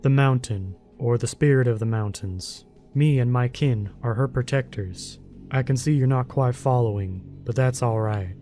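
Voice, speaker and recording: A man voicing a huge, rough male mountain guardian with a deep rumbling voice, a thick rural accent and a blunt, serious, folksy way of talking. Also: normal speed, warm tone, soft background music, lightly acted. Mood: solemn.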